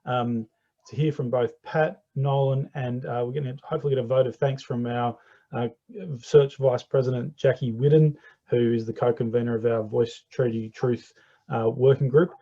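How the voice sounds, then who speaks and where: Male forum host, hesitant and friendly, mellow voice, muffled call sound. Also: mid-range voice, fairly even intonation, normal speed. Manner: hesitant, many fillers, friendly. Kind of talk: hosting an online forum. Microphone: video call. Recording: dull lo-fi video call audio.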